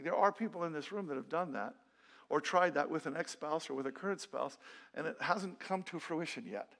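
A man's voice: on the high side, moderate pace, vocal fry, a bit bright. A middle-aged man preaching a sermon in a church, earnest and conversational, often restarting his sentences. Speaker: pastor. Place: church sanctuary.

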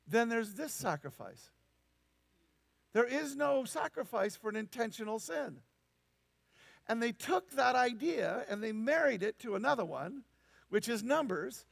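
Gravelly high-voiced male preacher. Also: no room sound. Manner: animated, incredulous, emphatic preaching. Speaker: pastor. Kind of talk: sermon.

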